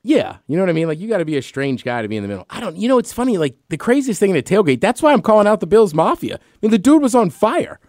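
A man in his thirties tells long, rambling stories and laughs often. His pitch sits a bit high and swings widely. The sound is close and dry. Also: big pitch swings, racing, few pauses, a little mellow, no room sound. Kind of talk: casual chat.

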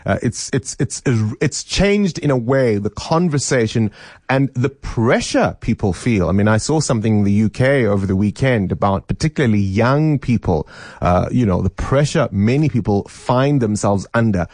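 A man's voice: on the low side, animated, moderate pace, a little mellow, no room sound, clean studio sound. A man hosting a talk radio show, chatting with his co-host and inviting listener calls.

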